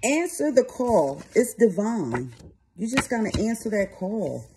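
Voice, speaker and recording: Woman tarot reader, warm low-toned voice, casual and cussing, drawls some lines and rushes others. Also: very animated, slight background noise. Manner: blunt, streetwise, swears freely. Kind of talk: tarot reading and card commentary.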